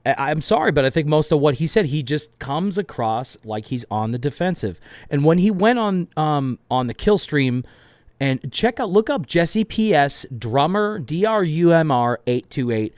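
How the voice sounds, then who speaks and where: A man's voice: mid-range voice, no room sound. Rambling, profane man in a dry recording. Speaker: commentator. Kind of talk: casual reaction commentary.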